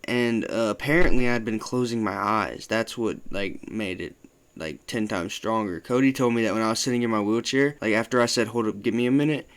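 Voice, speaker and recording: A young man telling a story to his channel in a loose, casual way, swearing often and filling pauses with "like". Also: on the low side, a bit bright, smooth. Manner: loose, profane, full of "like" fillers. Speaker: vlogger.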